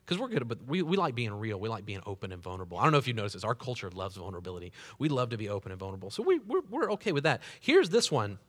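A man preaching a sermon in a conversational, animated way, acting out prayers and everyday talk. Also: fairly high pitch. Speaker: pastor.

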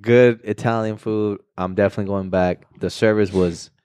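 A man's voice: fairly low pitch, fairly even intonation, normal speed, a little mellow, clean tone, no echo. A man co-hosting a casual chat, laid-back and profane, with slang. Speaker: podcast co-host.

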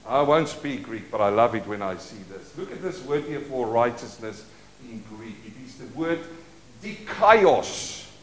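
A man preaching a sermon as pastor, leading call-and-response and moving between quiet asides and loud declarations. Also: mid-range voice, moderate pace, roomy sound. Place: church.

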